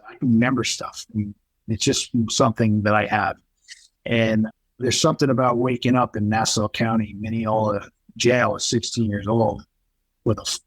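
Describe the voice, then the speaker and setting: A middle-aged man, a podcast guest telling his life story in a candid, animated way, acting out the people he quotes. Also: on the low side, slightly rough, dry recording, rough recording. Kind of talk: casual storytelling.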